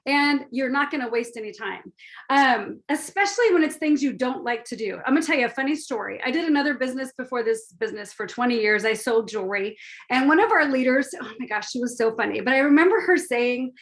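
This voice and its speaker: A woman's voice: a little high, lively intonation, quick pace, a bit bright. A middle-aged woman giving a chatty, upbeat training talk on a video call, speaking straight to her audience. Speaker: business team trainer. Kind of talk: live online training talk.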